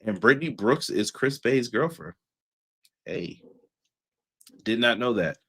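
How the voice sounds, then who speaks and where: A young man co-hosting a casual wrestling show review, slangy and animated, laughing often. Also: medium pitch, measured pace. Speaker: podcast co-host.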